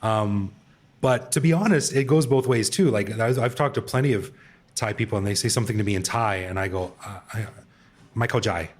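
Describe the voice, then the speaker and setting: A man's voice: fairly low pitch, a little fast. A man co-hosting a casual podcast, chuckling often and repeating words as he thinks. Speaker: podcast co-host. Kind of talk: casual chat.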